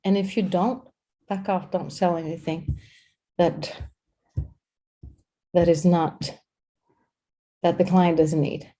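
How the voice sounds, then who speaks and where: Energetic woman coach, mellow voice. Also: on the low side, slow, pauses often. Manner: energetic, repeats words, talks to a co-host. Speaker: host and communication coach. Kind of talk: live-streamed coaching talk.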